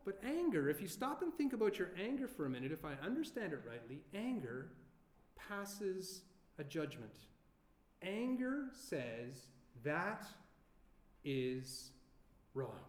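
Male preacher, fairly high voice, earnest and emphatic, recorded in a roomy hall. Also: big pitch swings. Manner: earnest, rhetorical questions, slow emphatic pauses. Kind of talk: sermon. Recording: echoey room.

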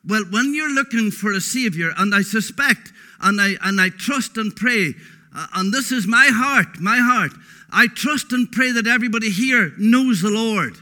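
A man's voice: high-pitched, normal speed, pushed and bright. A man preaching a sermon, emphatic and folksy, repeating words for stress.

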